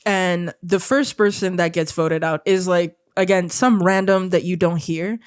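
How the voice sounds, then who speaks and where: A woman's voice: on the low side, measured pace, clean tone, no echo, studio quality. A woman co-hosting a podcast, telling a story in casual chat with lots of laughter. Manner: giggly, animated storytelling with frequent laughter. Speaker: podcast co-host recounting a show.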